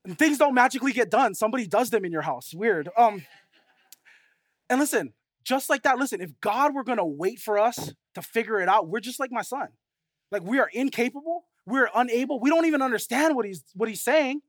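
A high-voiced male pastor in his thirties delivers a conversational sermon, slipping into lively storytelling and quick asides to his church. The sound is close and dry, with no room echo around him. He talks to the congregation like he is chatting with friends.

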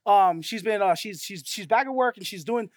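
Man, 30s, pastor, sermon, high voice, dry close sound, conversational, animated storytelling. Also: normal speed, no room sound.

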